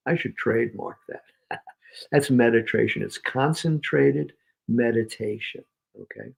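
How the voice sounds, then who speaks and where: A man's voice: medium pitch, vocal fry, slightly rough. A man from New York, a guest on an interview show, giving punchy, emphatic motivational talk. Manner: energetic, emphatic, punchy repetitions. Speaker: guest speaker.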